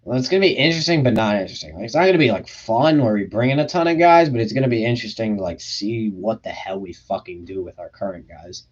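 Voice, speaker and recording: A man's voice: lowish voice, fast talker, few pauses, a little mellow, slightly rough. Young male streamer, casual and profane, reading chat questions, lo-fi audio. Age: young adult. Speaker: livestream host. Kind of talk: casual livestream Q&A. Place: his bedroom.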